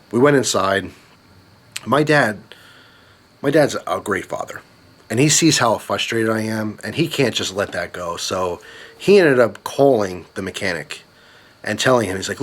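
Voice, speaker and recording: A man's voice: on the low side, normal speed, long pauses, a bit bright. A young man telling a story in a vlog, swearing often and ranting with anger. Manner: profane, ranting. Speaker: vlogger.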